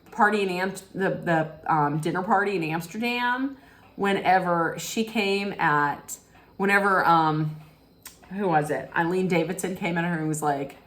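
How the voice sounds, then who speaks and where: A woman's voice: lowish voice, normal speed, fairly bright tone. A woman recapping a reality show in a casual, gossipy way, rambling through the story and acting out what people said. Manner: rambling storytelling, acts out quotes.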